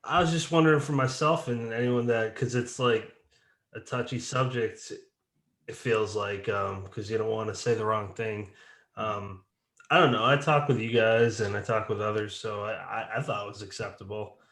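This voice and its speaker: A man's voice: lowish voice, steady tone, moderate pace, a bit bright. A man hosts a podcast, speaking tentatively and letting his sentences fade out. His audio carries a noticeable room echo. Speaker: podcast host. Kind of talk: casual roundtable discussion.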